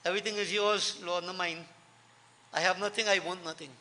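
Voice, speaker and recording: A man's voice: high-pitched, steady tone, a little fast, pushed and bright. A man giving a sermon to devotees, earnest, repeating key lines for emphasis. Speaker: preacher. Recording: long hall reverb.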